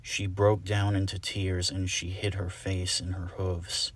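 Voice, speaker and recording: Low, unhurried male storybook reader, soft and deliberate delivery. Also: level tone, dry recording. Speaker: audiobook reader. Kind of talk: storybook narration.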